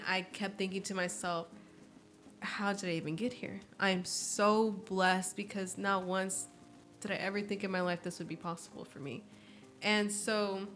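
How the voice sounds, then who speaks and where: This early-twenties woman has a medium-pitched, slightly bright voice. She's a podcast guest chatting casually, telling expressive stories and acting out the voices she quotes.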